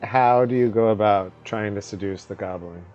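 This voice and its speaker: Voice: low-pitched, moderate pace, a little mellow, muffled recording. A game master narrating a tabletop game, amused and often laughing. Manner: amused, easily breaks into laughter.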